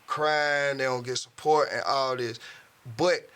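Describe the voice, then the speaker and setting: A man's voice: medium pitch, steady tone, takes it slowly, fairly bright tone, smooth. A man hosting a podcast, talking emphatically and swearing freely. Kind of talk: casual podcast chat.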